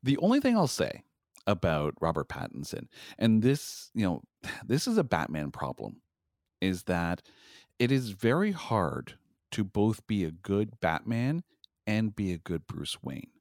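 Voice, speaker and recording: Deep, lively male podcast co-host. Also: no room sound, studio quality. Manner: animated, quick restarts. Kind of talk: casual chat.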